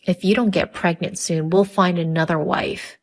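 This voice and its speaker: A woman's voice: on the low side, fairly even intonation, normal speed, lightly acted. A woman voicing a harsh, demanding middle-aged mother-in-law in a narrated story. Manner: cutting, demanding.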